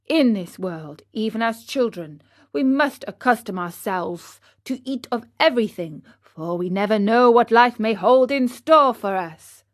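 A woman voicing a kind, patient poor old man who gently lectures a child in a storybook. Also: fairly high pitch, measured pace. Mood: gentle. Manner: gentle, calm, admonishing.

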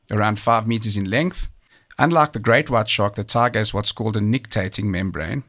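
A man with a fairly low voice narrates a true story documentary-style. He talks in a measured, conversational way, now and then pausing on a filler or restarting a phrase. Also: a bit bright. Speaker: storyteller recounting a true survival tale. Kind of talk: documentary narration, partly off the cuff.

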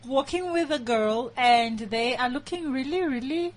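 A woman with a South African accent, a guest on a talk show, telling a story in a lively way and acting out the dialogue. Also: high-pitched, a little slow. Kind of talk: casual chat, telling a story.

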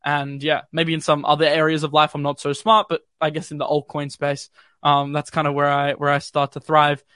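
A man's voice: a little high, completely flat delivery, moderate pace, sharp tone, dry recording, clean studio sound. Young Australian man, casual stream host. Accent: mild city Australian. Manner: chatty, filler-heavy, reads viewer comments. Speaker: crypto livestream host. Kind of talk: casual live-stream chat. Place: home bedroom.

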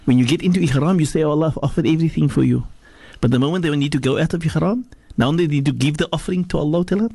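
A man's voice: racing, vocal fry, hardly any pauses, dark tone, husky, dry recording. A man from Africa, a sheikh giving a religious teaching on a radio talk show in an emphatic preaching manner. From South Africa. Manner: preaching, emphatic, swings from low to high. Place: radio studio.

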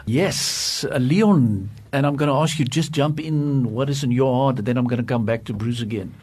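A man hosting a Christian leadership discussion, asking questions eagerly and praising his guests warmly. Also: mid-range voice, normal speed, slightly rough. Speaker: program host.

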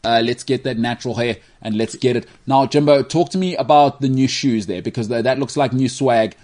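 A man hosting a podcast, quick to tease and joke. He talks in a loose, casual way and jumps from one playful jab to the next. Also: mid-range voice. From South Africa. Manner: teasing, joking, animated. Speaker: podcast host.

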